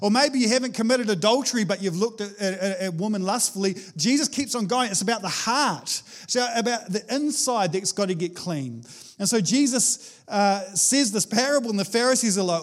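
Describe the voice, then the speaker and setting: A male preacher giving a casual, conversational sermon, animated and chatty, with frequent restarts. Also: sits high, normal speed.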